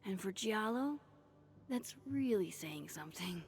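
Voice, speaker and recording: A woman's voice: medium pitch, animated, a little slow. An actress voicing a wry, self-deprecating young woman photographer in a video game, with sardonic asides. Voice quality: swears under her breath, sardonic asides. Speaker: game protagonist.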